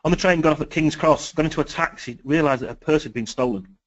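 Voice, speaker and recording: English man telling lively business anecdotes. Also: fairly high pitch, fast, muffled recording. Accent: Sheffield English. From England. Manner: lively storytelling, acts out quoted dialogue. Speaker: business speaker. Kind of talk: webinar talk with anecdotes.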